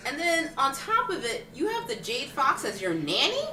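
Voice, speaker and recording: Animated woman vlogger in an echoey room. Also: high voice, brisk, hardly any pauses. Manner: animated, acts out characters' lines. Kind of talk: casual film review chat. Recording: roomy echo, distant mic, faint music.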